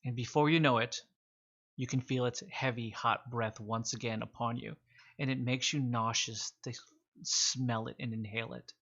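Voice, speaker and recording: A man's voice: mid-range voice, steady tone, normal speed, a bit bright, breathy edge. Guy running a tabletop game, describing stuff with lots of likes, kinda muffled audio. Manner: descriptive narration with filler words. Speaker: game master.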